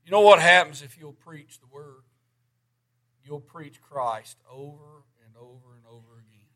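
A man's voice: a little high, expressive, unhurried, sharp tone. A middle-aged man preaching a sermon, folksy and plainspoken, rising to emphatic bursts.

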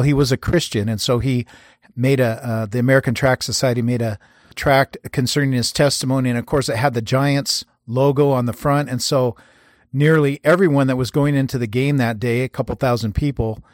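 A man's voice: mid-range voice, dry recording. A man talks in a conversational teaching style that is earnest and plainspoken, mixing practical advice with self-deprecating anecdotes. His mid-range voice sits close to the microphone in a dry, dead room. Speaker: host teaching gospel tract outreach.

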